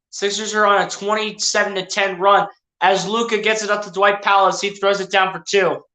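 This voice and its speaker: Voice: mid-range voice, bright, forceful tone, roomy sound. A live streamer giving casual play-by-play commentary on a basketball game, chatting to the players and to viewers as the action goes. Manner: chatty, addresses players and viewers directly, self-correcting.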